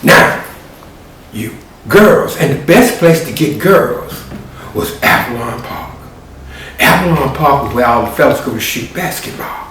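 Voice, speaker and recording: A man telling a story live, animated and rhythmic with spoken sound effects. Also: mid-range voice, a little slow, a little hiss or hum. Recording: very echoey room, distant mic.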